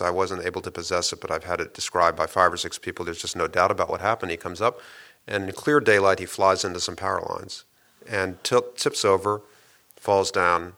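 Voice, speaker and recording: A man interviewed as a guest, giving long, measured story-like answers with frequent hesitations and restarts. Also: low voice, bright, forceful tone.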